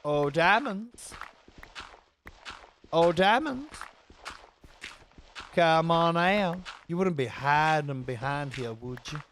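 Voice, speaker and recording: A man putting on an exaggerated Southern US accent as a coaxing character, sweet-talking in a slow drawl. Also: a little high, expressive, a bit bright, a little hiss or hum.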